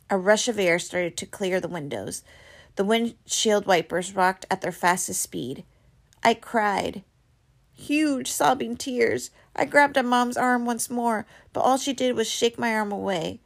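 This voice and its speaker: A woman reading a novel aloud, expressive, with small slips and restarts. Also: medium pitch, gravelly. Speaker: reader.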